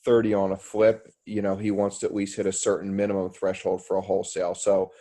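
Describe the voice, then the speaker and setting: A house flipper talks through his thinking on a group call, measured and unhurried. His voice sits low and mellow with little rise and fall. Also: completely flat delivery. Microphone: group call audio.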